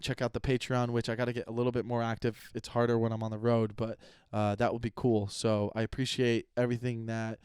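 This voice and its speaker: On his solo podcast, a young man chats casually and rambles, letting the profanity fly as he complains about his listeners. His voice is medium in pitch, a little mellow, clear and resonant. A close podcast mic gives clean studio sound with no room sound.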